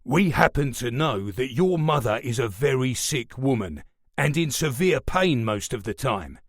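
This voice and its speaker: Man playing a stern police superintendent, measured and cold, lively pitch, dry close sound. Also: no room sound.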